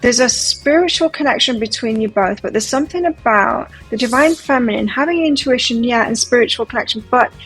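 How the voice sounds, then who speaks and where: A woman's voice: a little high, a little fast, few pauses, breathy edge, soft background music, rough recording. A woman giving a pick-a-card tarot reading, talking to the viewer as she turns cards and exclaims over them. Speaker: tarot reader.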